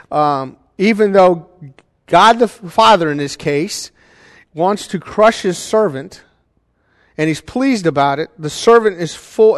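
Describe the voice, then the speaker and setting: In a church sanctuary, a pastor with a somewhat high voice delivers a sermon, speaking conversationally and repeatedly asking the congregation if they're following him. The long reverb of the hall rings through the sound.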